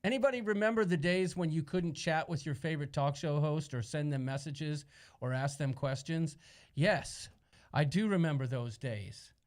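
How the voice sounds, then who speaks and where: A Midwestern American man co-hosting a casual live-stream chat, jokey and animated, reading out viewer comments. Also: a little high, moderate pace. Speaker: co-host.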